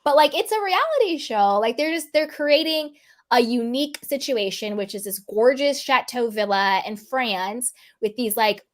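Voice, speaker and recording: A woman's voice: fairly high pitch, animated, moderate pace. A woman hosting a casual chat about reality TV, talking animatedly and acting out her own reactions in playful quoted voices. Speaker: host.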